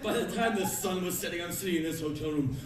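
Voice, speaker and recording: A man's voice: high-pitched, quick pace. Ranting man on a club stage. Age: early 30s. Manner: ranting, shouting bursts of rage. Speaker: spoken word performer. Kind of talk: live spoken word monologue. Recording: echoey club from far off, crowd noise. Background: audience laughter.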